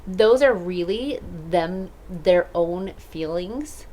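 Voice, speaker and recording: A woman guest on a parenting podcast, explaining calmly with frequent "like" and "right". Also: on the low side, slow. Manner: calm, explanatory, many likes and rights. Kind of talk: podcast conversation.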